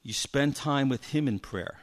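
A man preaching a sermon, telling Bible stories with lively energy and acting out the people in them. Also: medium pitch, measured pace. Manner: animated storytelling, acts out Bible figures. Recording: long hall reverb.

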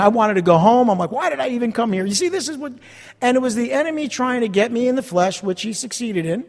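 A pastor preaching a sermon, telling stories about himself with self-deprecating humor. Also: male voice, sits high, long reverb tail.

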